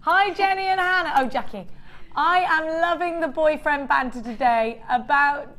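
A woman's voice: sits high, normal speed, fairly bright tone. A woman presenting on a shopping channel, chatty and upbeat as she sells jewelry live. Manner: chatty, upbeat, bubbly selling. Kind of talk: live TV sales patter.

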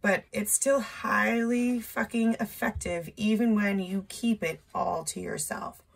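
A woman's voice: medium pitch, fairly even intonation, a little slow, gravelly, breathy edge. A woman giving a casual tarot reading, chatty and loose, with profane asides. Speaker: tarot reader.

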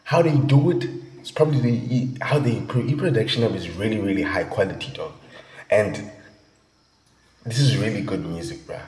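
A man's voice: on the low side, normal speed, darkish tone. A young man with a South African accent reacting to a song in casual chat, full of slang and "you feel me.". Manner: slangy, hyped, peppered with "bruh" and "you feel me". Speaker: music reaction vlogger. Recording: echoey room with long reverb.

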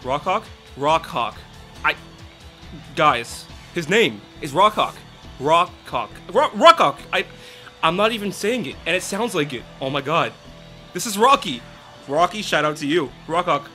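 Bright, rambling young gaming host. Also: male voice, on the high side, animated, unhurried, soft background music. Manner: rambling, self-interrupting, giggly asides. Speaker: let's play host. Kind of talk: gameplay commentary.

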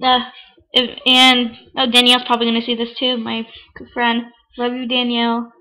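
A teenage girl rambles through a casual vlog message, giggling and apologizing as she goes. Her voice is very bright and sits a little high. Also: completely flat delivery, normal speed, a little hiss or hum, poor audio. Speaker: vlogger. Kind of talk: casual chat.

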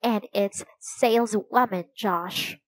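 A woman's voice: medium pitch, slow pace, dry recording, natural voice. A woman reading the part of a bold, confident young girl in a storybook, in a sweet, self-assured voice.

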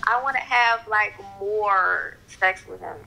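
A woman, chatting bluntly on a video call. Her voice is bright, with a gravelly edge. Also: mid-range voice, takes it slowly, faint music behind, poor audio. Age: 20s. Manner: blunt, sassy. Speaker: video chat stranger. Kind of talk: casual chat.

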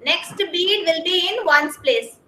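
A woman with an Indian English accent teaching a kindergarten class online, speaking slowly and patiently and spelling words out letter by letter. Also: very high voice, lively intonation, pushed and bright, reverberant, slight background noise, low-quality recording. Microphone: video call.

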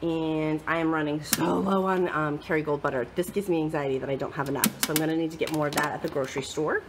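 A young woman with a lilt talks through her kitchen in a relaxed, rambling way, filling pauses with ums. Her voice sits on the low side and sounds a bit nasal from a coming cold. The room is echoey, and steady household noise hums behind her. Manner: chatty, self-correcting, lots of ums. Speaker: vlogger. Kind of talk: casual home vlog walkthrough. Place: home kitchen and basement.

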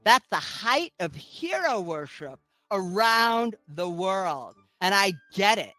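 A woman's voice: mid-range voice, very animated, unhurried, hardly any pauses, sharp tone, no echo, faint music behind, low-quality recording. A middle-aged woman performing a teasing, sardonic stand-up comedy set as host. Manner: sardonic, teasing, mock-sweet asides.

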